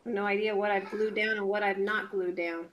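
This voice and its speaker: A woman's voice: mid-range voice, steady tone, moderate pace, highs cut off. A chatty woman from Puerto Rico hosting a casual live craft video, rambling and greeting viewers by name. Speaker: craft channel host.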